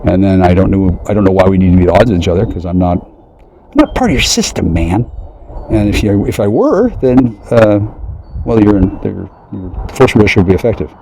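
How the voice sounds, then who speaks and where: A man with a low, mellow voice rants on his own in an agitated, rambling way. He swears constantly and his pitch swings widely. Faint noise sits under the recording. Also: expressive, a little fast, low-quality recording. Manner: profane, agitated, conspiratorial, jumps between ideas; mocking quoted voices in a high pitch. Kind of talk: rambling monologue rant.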